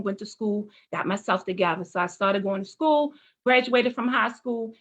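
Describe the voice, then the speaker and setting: A woman's voice: medium pitch, fairly bright tone. A woman in her forties, a parole and probation agent, telling her life story with passion and rhetorical questions at a meeting. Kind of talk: personal testimony at a meeting.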